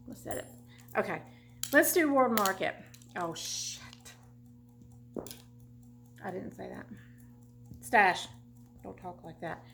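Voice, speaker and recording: A chatty woman talks through a shopping haul at home, full of asides and restarts. Her voice sits at a middle pitch. Faint music plays under her talk. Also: fairly bright tone. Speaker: vlogger. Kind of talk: casual haul chat. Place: home room.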